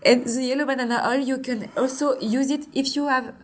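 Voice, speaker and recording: A woman's voice: sits high, fairly even intonation, brisk, slight background noise. A woman in her forties with a French accent, a brand founder explaining her products in an interview in an earnest, step-by-step way. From Martinique. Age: 40s.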